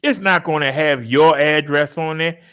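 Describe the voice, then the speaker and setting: A man telling a story to his followers in a casual, joking way, laughing often and switching into high mimicking voices. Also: normal speed, fairly bright tone, clean tone. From Baltimore, US. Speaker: fitness vlogger telling a story.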